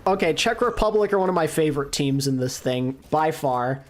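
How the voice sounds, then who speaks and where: A woman co-streaming an esports match, reacting excitedly to big plays with casual internet slang. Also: low-pitched, fairly quick. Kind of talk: live esports co-stream commentary.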